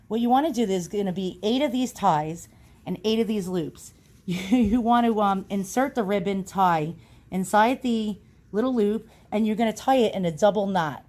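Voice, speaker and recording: A woman's voice: mid-range voice, moderate pace, darkish tone. A woman with a New York accent giving a casual how-to demonstration, chatty and full of ums and uhs. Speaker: product demonstrator.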